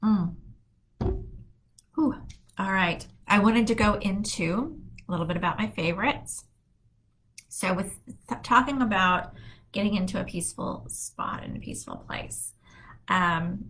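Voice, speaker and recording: A woman's voice: mid-range voice, a bit bright, low-quality recording. A middle-aged woman hosting a wellness show from her home office, talking casually and rambling with many fillers. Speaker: wellness podcast host. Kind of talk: casual solo talk.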